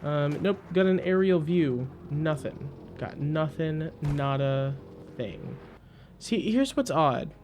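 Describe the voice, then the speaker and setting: A man talking his way through a video game in loose, casual commentary. He is excitable and flares into mock rage, then pokes fun at himself. His voice is a touch high, over a faint hiss of ambience. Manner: excitable, quick to mock frustration, self-deprecating.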